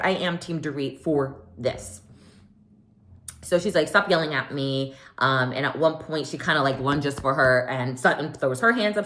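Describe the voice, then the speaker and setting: A young woman casually recapping a reality show, chatty and opinionated. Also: low voice. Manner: chatty, opinionated, animated quoting. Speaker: recap vlogger.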